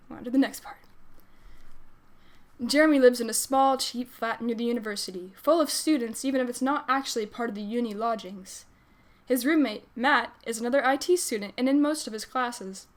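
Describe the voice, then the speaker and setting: A woman streamer reads fanfiction aloud on a livestream in a loose, casual way. Her voice sits fairly high, and she giggles and breaks off for chatty asides between passages.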